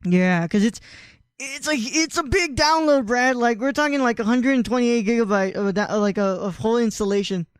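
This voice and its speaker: A man's voice: extremely high pitch, a little fast, clean tone, dry recording. Laid-back man hosting a podcast, dry sound. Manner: laid-back, swears casually, laughs often. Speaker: podcast host. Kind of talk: casual chat.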